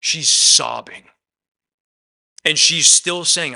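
Bright, dry-voiced male pastor preaching. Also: medium pitch, measured pace, gravelly, no room sound. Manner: conversational preaching with acted-out quotes. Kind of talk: sermon.

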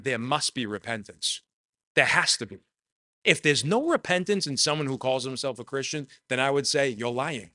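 A man's voice: mid-range voice, sharp tone, no room sound. A man preaching a sermon, earnest and personal, repeating phrases for emphasis. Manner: shares personal testimony.

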